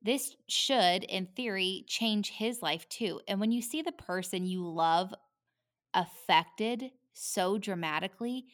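A woman's voice: mid-range voice, takes it slowly, fairly bright tone. A woman interviewer who listens and offers supportive responses and short affirmations. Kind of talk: conversational listening and replying.

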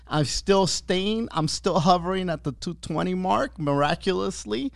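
A man's voice: high voice, lively intonation, measured pace, gravelly, no echo, clean studio sound. Rambling profane podcast host man. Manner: loose, profane, rambling with many fillers. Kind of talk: casual podcast chat.

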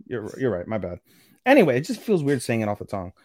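A man's voice: medium pitch, wildly swooping pitch, fast talker, a little mellow, no room sound, clean studio sound. A man casually recapping an anime episode on a podcast, rambling, stumbling over names and swearing now and then. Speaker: podcast co-host.

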